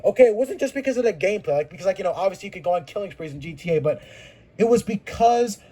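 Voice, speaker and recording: A man's voice: high-pitched, lively intonation, very fast, warm tone, husky. A man ranting in a gaming commentary video, emphatic, profane and repetitive.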